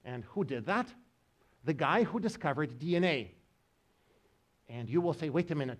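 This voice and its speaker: A man's voice: on the high side, animated, normal speed, pauses often. A man giving a university biology lecture, joking with his students as he explains. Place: lecture hall.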